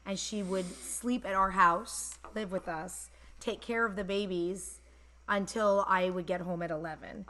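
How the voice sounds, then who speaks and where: Woman host, 40s, casual live chat into a phone camera; warm-hearted rambling, gets emotional. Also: mid-range voice, steady tone, a little slow.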